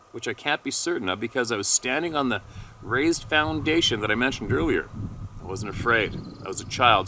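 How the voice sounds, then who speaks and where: A man hosting his channel, reading a submitted account aloud at a steady pace with small stumbles and self-corrections. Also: mid-range voice, slight background noise. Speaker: channel host reading a listener's story.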